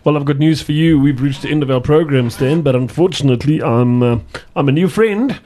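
A man's voice: on the high side, fairly quick, a crowd in the background. A man hosting an interview, asking questions hesitantly with restarts. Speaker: interview host.

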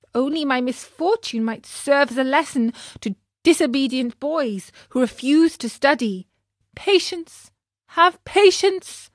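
A woman's voice: high-pitched, expressive, unhurried, dry recording, studio quality, voice pushed up. A woman voicing a puppet boy turned into a donkey, hungry and regretful, with a plaintive, sighing manner.

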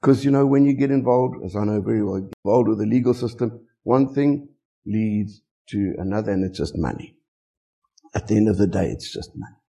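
A middle-aged pastor with a South African English accent gives a sermon, telling stories vividly and asking many rhetorical questions. His husky voice is on the low side, at normal speed.

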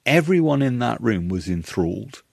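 A man's voice: medium pitch, sing-song, moderate pace, creaky, a little hiss or hum. A male scientist being interviewed, talking with wry, dry humor. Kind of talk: conversational interview.

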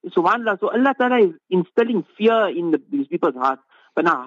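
A man's voice: sits high, no room sound, lo-fi sound. A man, an Islamic scholar, giving an impassioned religious talk, speaking emphatically with rhetorical questions and repeated phrases.

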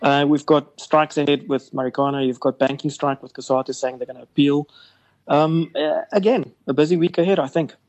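A man's voice: a little high, steady tone, a little fast, darkish tone, dull audio. A man, an investment company boss, talking business in a rambling, chatty way with lots of fillers. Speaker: investment company CEO guest. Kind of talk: casual radio business interview.

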